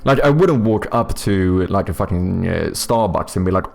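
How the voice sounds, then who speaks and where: Low-voiced streamer. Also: male voice, moderate pace, creaky, hardly any pauses, darkish tone. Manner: thinks aloud, swears freely, chats to viewers. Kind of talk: casual live-stream chat while playing a word game.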